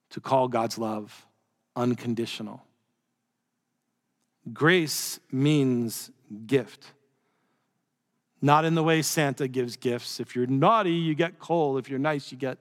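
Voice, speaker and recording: A male pastor giving a conversational sermon with joking asides, dropping his voice softly for emphasis. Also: mid-range voice, in a large hall.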